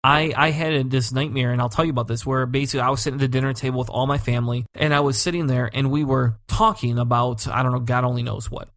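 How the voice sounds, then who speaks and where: A man of middle pitch talks in a dry, close sound. He tells his story with lively energy. He swears often and jumps into voices for the people he quotes. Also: quick pace, hardly any pauses, no room sound. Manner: animated storyteller, swears freely, acts out quotes. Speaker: podcast co-host. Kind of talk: casual chat.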